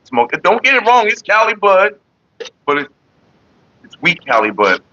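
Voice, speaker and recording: A man's voice: high voice, big pitch swings, moderate pace, pushed and bright, no room sound, lo-fi sound. A man from California hosting a casual livestream, chatting loosely and profanely and greeting viewers by name. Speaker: livestream host.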